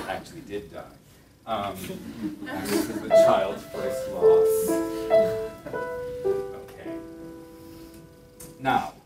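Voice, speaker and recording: A man's fairly low voice explains music theory to students, recorded from a distance. He talks thoughtfully, hesitating and correcting himself. A piano is heard in the roomy classroom. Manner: thoughtful, many fillers and self-corrections. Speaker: music professor. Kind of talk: classroom lecture.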